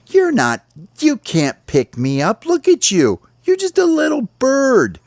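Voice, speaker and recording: A man voicing a male rabbit who taunts a small bird, in a high, scoffing voice. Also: huge pitch swings, takes it slowly, dry recording, clean studio sound, exaggerated voice.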